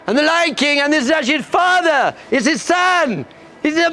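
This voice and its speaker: A man, a rabbi, giving an energetic pep talk to yeshiva students, telling a story and acting out bleating sheep and a roaring lion, with emphatic, repeated punchy lines. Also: very high-pitched, moderate pace.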